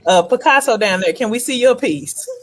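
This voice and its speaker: A woman's voice: on the high side, expressive, normal speed. Laughing, teasing woman host on a video call. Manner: teasing, laughs often, slangy. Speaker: virtual paint party host. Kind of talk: casual group video call chat.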